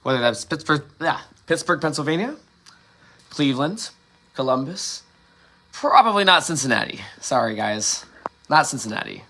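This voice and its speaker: Alone on a late-night livestream, an Ohio host rambles, cuts himself off to restart, curses, and laughs at his own remarks. His voice is fairly high, pushed and bright, with lively intonation at a normal speed.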